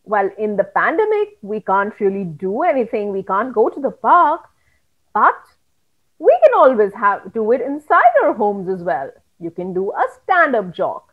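A woman telling a children's story with an animated, singsong manner, talking directly to the children. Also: on the high side, normal speed, phone-quality sound. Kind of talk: storytelling for kids.

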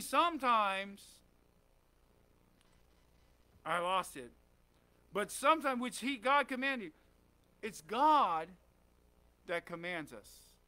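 A man's voice: high voice, pushed and bright, a little hiss or hum. A man preaching a conversational sermon in a church, often asking the congregation questions and saying "amen.". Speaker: pastor.

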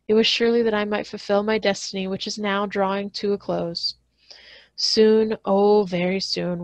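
In a mid-range voice, a female librarian reads a classic novel aloud, steady and measured, with the occasional small slip. There is no room sound.

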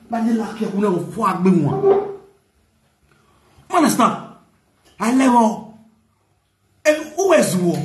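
Loud high-voiced Nigerian man ranting. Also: big pitch swings, slow, long pauses, roomy sound, a little hiss or hum. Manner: loud, mocking, bursts into shouts and laughter. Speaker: gossip vlogger. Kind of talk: ranting gossip commentary.

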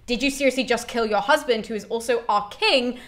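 A woman's voice: a little high, brisk, natural voice. A woman voicing a flustered, exasperated Greek tragedy chorus that talks in incredulous modern slang. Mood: shocked.

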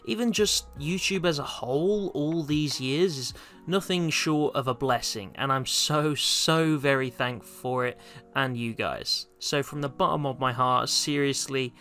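A man's voice: medium pitch, unhurried, soft background music. A man hosting a gaming channel, giving a sincere thank-you to viewers. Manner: heartfelt thank-you intro, then loud angry outbursts in play. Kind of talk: casual gaming commentary.

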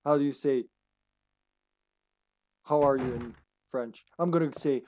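A man giving casual let's-play commentary as a game streamer, joking around, laughing often and getting excited in bursts. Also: medium pitch, a little slow.

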